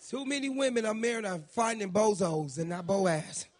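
A man with a raspy voice preaching a folksy, emphatic sermon in a church, reading scripture and praying aloud. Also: sits high, expressive, normal speed. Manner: folksy, emphatic, builds to shouting in prayer. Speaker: guest preacher.

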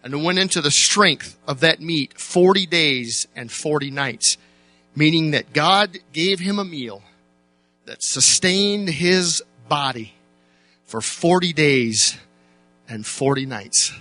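A man preaching a sermon as a pastor, telling the story dramatically, dropping to slow, quiet words and then jumping up to loud, shouted bursts. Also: a little high, expressive, no room sound.

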